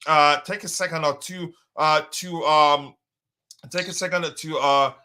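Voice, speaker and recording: A man's voice: on the high side, steady tone, a little slow, pushed and bright. A man hosting a casual live stream, talking loosely with many fillers and reading out viewers' messages. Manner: hesitant, many fillers, reads chat aloud.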